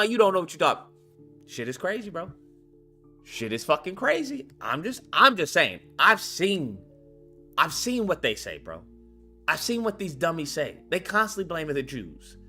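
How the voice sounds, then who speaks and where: A man delivers a blunt, profane commentary rant on his channel. His pitch swings widely as he pushes his points. The tone is bright, and faint music plays under him. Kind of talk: ranting commentary monologue.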